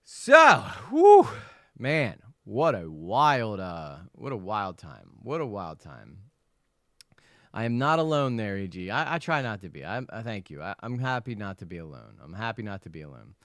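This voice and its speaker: A man's voice: on the low side, normal speed, dry recording, clean studio sound. A man hosting a casual livestream, chatting animatedly, repeating phrases and reading out viewers' names from the chat. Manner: animated, repeats himself, reads chat aloud. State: recovering from illness. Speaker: livestream host.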